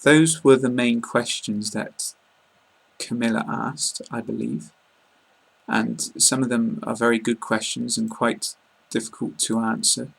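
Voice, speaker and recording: A man with a southern English received-pronunciation accent explains pronunciation to learners. His voice is strongly gravelly and somewhat husky. He speaks in an even, flat tone, calmly and plainly, filling his pauses with ums and uhs. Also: mid-range voice. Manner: calm, plain explaining with frequent fillers. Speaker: English teacher. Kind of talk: online lesson.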